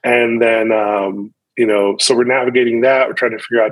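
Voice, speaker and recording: A man's voice: fairly low pitch, steady tone, normal speed, no room sound, low-quality recording. A man in his thirties, a pastor, talking reflectively in a podcast interview, often restarting his sentences. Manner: reflective, with frequent restarts and fillers.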